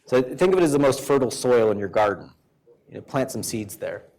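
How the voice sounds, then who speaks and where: A man's voice: mid-range voice, animated, fairly quick, darkish tone. A man giving a public presentation to a local government board in a folksy, conversational way. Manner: folksy storyteller acting out quoted exchanges.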